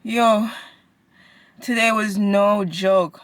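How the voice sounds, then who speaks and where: A woman's voice: mid-range voice, fairly even intonation, slow pace. A woman vlogger, chatting casually, out of breath and exasperated. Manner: exclaiming, exasperated. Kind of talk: casual vlog chat.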